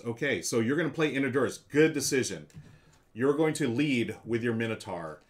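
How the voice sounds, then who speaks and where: A man hosting a live stream, casually walking his chat through a board game's rules and moves, with many fillers. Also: medium pitch. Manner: chatty, explains moves aloud to chat with frequent fillers.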